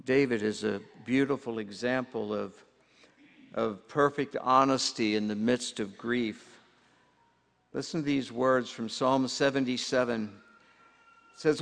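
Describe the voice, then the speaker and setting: A man preaching a sermon as pastor, earnest and emphatic, slowing down to stress key words. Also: mid-range voice, fairly even intonation, gravelly, fairly bright tone. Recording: long hall reverb.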